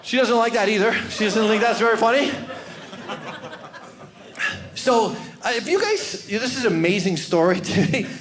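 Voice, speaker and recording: A male comedian works a stage through a handheld mic. His voice sits high and swings widely, and he talks in an animated way, shouting some lines for effect. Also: normal speed, pauses often, a crowd in the background, noisy background. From New York. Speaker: stand-up comedian. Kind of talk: stand-up comedy routine.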